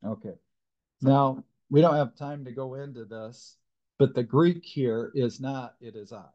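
Man, Bible study leader, conversational, loose, restarts his sentences, mid-pitched voice. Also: a little slow, muffled recording. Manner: informal, thinks aloud with fillers and restarts. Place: church.

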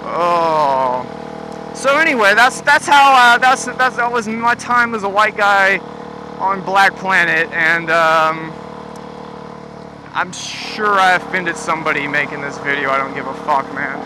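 High-voiced young man rambling profanely. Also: unhurried. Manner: profane, rambling, laughing often, many fillers. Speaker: vlogger. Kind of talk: casual storytelling vlog. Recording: clear background noise.

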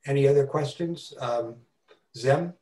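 A man's voice: mid-range voice, a little slow, mellow. An older man gives a talk and takes questions over a video call, and he stutters, restarting and repeating words. His voice sounds distant and roomy, as if he sits well back from his computer mic. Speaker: guest speaker.

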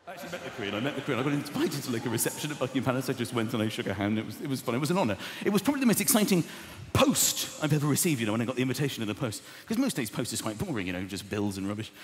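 A man in his thirties doing a stand-up comedy routine, acting out voices with big shouts and gasps. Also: medium pitch, very animated, very fast, few pauses. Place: large theatre stage before a live audience. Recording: echoey theatre with long reverb and crowd noise.

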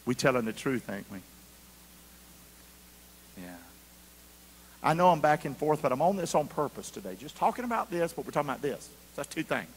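Man, pastor preaching, high voice, bright tone, long hall reverb. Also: sing-song, normal speed, long pauses, slight background noise. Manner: call-and-response preaching, shifting from quiet asides to loud shouts. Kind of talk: sermon.

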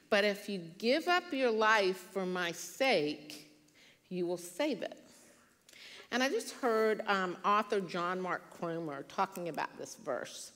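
A woman in her sixties giving an earnest devotional talk, telling a personal story with animated quoted voices. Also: mid-range voice, slow pace. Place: church hall. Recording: church hall with long reverb.

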